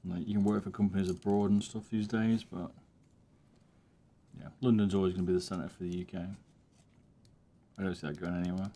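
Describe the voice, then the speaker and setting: A man's voice: low voice, level tone, a little fast, long pauses, dark tone. A man live streaming a game, chatting casually to his viewers with plenty of swearing. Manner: laid-back, swears freely, chats to viewers. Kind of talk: casual chat while gaming.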